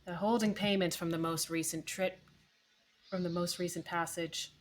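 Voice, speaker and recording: A woman's voice: fairly low pitch, fairly even intonation, normal speed, natural voice. A woman voicing a blunt, bruised female ship captain who speaks tersely and wryly. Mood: weary. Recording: clear background noise.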